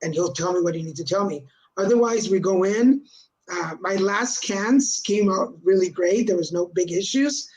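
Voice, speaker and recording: A man's voice: high voice, normal speed, poor audio. A man hosting a live video chat, telling a funny story in a sarcastic, joking way and dropping in Spanish words. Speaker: host. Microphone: video call.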